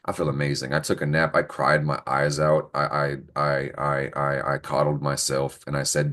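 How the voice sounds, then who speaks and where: A man's voice: extremely low pitch, little pitch movement, moderate pace, hardly any pauses, a bit bright. A young man hosting a casual astrology show, joking, swearing freely and laughing often, recorded on a computer call. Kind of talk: casual weekly astrology talk. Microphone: computer mic on a screen-recorded call.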